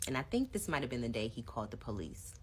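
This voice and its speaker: A woman with a notably low, deep voice tells her own story in a relaxed storytime vlog. She chats directly to her viewers. Her delivery is casual and conversational. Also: fast talker, slight background noise. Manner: chatty, addresses viewers directly.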